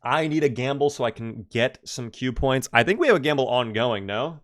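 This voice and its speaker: A man's voice: mid-range voice, lively intonation, brisk, fairly bright tone. A man from the US East Coast streaming a game live, casually chatting and answering viewers' questions. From Maryland, US East Coast. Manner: chatty, answers chat questions while playing.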